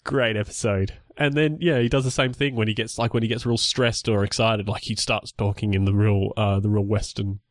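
A man's voice: fairly low pitch, fairly even intonation, fairly quick, few pauses, no echo, studio quality. A man co-hosting a podcast, chatting casually and rambling with many restarts and fillers. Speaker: podcast co-host. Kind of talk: casual chat.

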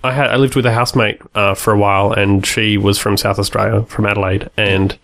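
A man's voice: fairly low pitch, flat delivery, brisk, a bit bright. A man chatting on a podcast, hesitant with frequent restarts. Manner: hesitant, many restarts and fillers. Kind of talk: casual chat.

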